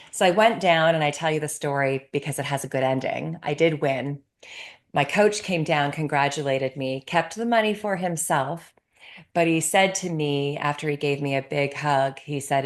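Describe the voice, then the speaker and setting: A middle-aged woman from Canada answers interview questions with the energy of a storyteller. Her voice sits low, and she breaks into laughter as she talks. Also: normal speed. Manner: animated storyteller, laughs often. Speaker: guest, sports psychologist.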